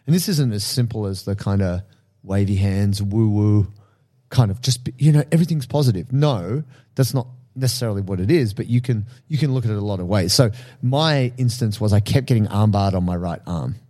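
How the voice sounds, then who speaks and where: Male podcast co-host, mellow tone, animated storyteller who laughs often. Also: fairly low pitch, fairly quick. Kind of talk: casual podcast chat.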